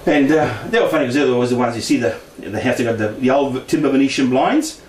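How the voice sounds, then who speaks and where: A man's voice: mid-range voice, fast. Chatty man in an echoey room. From Australia. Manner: chatty, laughs often, acts out quoted voices. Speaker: speaker sharing paranormal experiences. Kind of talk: casual storytelling talk. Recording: echoey room, distant mic, faint noise.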